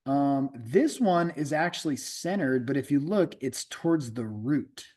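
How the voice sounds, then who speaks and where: A man's voice: medium pitch, expressive, a little slow, a little mellow. A middle-aged man, an automotive instructor, lecturing a class in a casual, conversational way, often repeating himself and checking in with the students.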